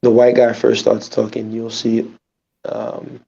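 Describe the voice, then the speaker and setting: Gravelly man directing a podcast playback. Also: mid-range voice, completely flat delivery, warm tone. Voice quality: gravelly, husky. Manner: directive, playful, gives quick instructions. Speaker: podcast host. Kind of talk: casual chat. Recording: dull lo-fi audio.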